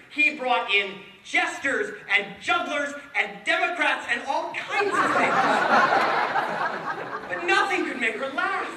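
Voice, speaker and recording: A playful male storyteller performing a folk tale, full of animated asides. His voice is very high, bright and lively. He is heard from afar in an echoey room with faint noise behind him. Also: distant mic. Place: indoor room with a live audience.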